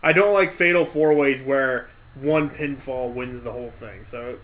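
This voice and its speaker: A man's voice: mid-range voice, measured pace. A man casually ranting on a podcast, telling a story in a rambling, loose way with restarts. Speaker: podcast host. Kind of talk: casual rant. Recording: dull lo-fi audio.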